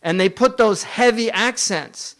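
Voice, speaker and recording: A man's voice: sits high, measured pace, fairly bright tone. A man giving a religious lecture, emphatic, running through long lists and asking rhetorical questions. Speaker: Islamic scholar lecturing.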